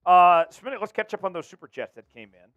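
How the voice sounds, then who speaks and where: This high-pitched, very animated man talks fast, and the audio sounds narrow and tinny. He's the host of a casual, upbeat sports talk livestream, reading viewer messages aloud, shouting chants, and chatting with his co-host.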